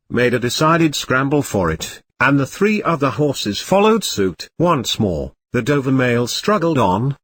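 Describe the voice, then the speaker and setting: A man reading a classic novel aloud as an audiobook narrator, even reading punctuation and chapter numbers. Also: medium pitch, dry recording.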